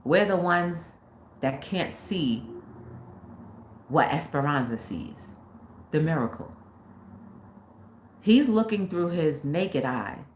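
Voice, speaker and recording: A woman host with a deep voice casually retells a story, acting out its scenes with lively energy. Her voice rings in an echoey room over faint background noise. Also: takes it slowly, long pauses. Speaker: talk show host.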